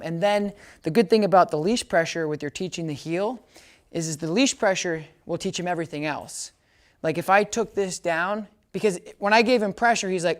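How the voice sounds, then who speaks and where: A man teaching dog training in a relaxed demonstration. He explains each step casually and often checks in with the listener. His short commands to the dog come out bright and encouraging. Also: high voice. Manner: chatty, keeps checking understanding. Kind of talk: casual hands-on training demo.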